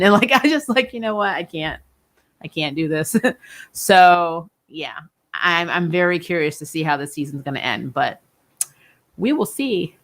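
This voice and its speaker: A woman's voice: low voice, lively intonation, moderate pace, fairly bright tone. A young adult woman hosting a casual live-stream chat about TV shows, talking loosely, laughing often and trailing off mid-sentence. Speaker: host of a TV review channel.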